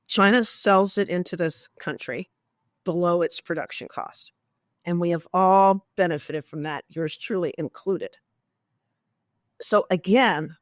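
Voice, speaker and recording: A woman guest on an interview podcast, explaining in a measured way with emphatic stress and rhetorical questions. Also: on the low side, no room sound, clean studio sound. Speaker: guest expert.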